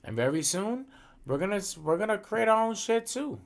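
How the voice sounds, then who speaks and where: Animated slangy man chatting on a podcast. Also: high-pitched, normal speed, gravelly. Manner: swearing, animated storytelling, slangy. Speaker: podcast co-host. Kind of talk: casual podcast chat.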